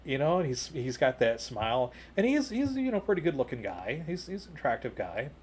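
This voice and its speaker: A man co-hosting a podcast, relaxed and chatty as he tells a long story, padding his sentences with "you know" and "like". His voice sits in an ordinary middle register. At the exciting beats he leaps upward and gets louder. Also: brisk, slight background noise. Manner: jumps higher and louder when retelling excited moments. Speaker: podcast co-host. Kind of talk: casual storytelling chat.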